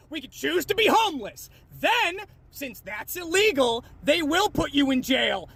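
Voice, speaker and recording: Male online commentator, bright piercing tone, furious profane rant to camera. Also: very high-pitched, big pitch swings, unhurried, vocal fry. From United States. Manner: shouting, profane, heated. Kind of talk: angry rant replying to comments.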